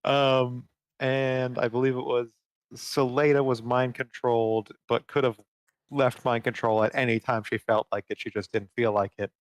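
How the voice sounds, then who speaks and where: Relaxed male game master, mid-range voice, dry close mic, casual recap. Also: mid-range voice, moderate pace, dry recording. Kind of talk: session recap.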